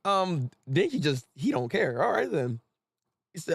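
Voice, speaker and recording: A lively young man reacting live and swinging his pitch all over the place. His slightly high voice has a gravelly edge. He jokes and laughs as he goes, and the sound is dry and close-miked. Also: measured pace, dry recording. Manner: animated, joking, frequent laughter and restarts. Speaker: manga reaction host.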